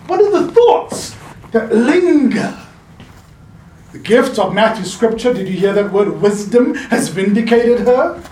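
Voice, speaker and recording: High-voiced man preaching. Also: a little hiss or hum. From South Africa. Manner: animated, playful, calls for audience response. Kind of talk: sermon. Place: chapel in the mountains. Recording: echoey chapel, voice from a distance.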